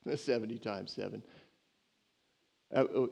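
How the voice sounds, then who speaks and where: A man preaching a sermon in a lively, conversational way, with playful asides and humor. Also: lowish voice, a little slow, gravelly, breathy edge. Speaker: pastor.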